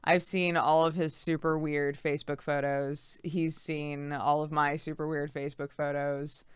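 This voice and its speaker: Giggly pregnant woman streamer, smooth voice. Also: low-pitched, level tone, unhurried, no echo, studio quality. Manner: giggly, rambling, lots of fillers. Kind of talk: casual chat reading out viewer messages.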